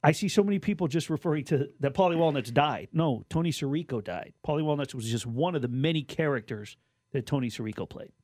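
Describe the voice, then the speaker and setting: A man with a slightly high voice co-hosts a casual sports radio show. He rambles and restarts his sentences as he goes. The sound is close and dry, with no room around it. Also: expressive, fast, darkish tone, no echo. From Southern Nevada. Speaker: radio co-host.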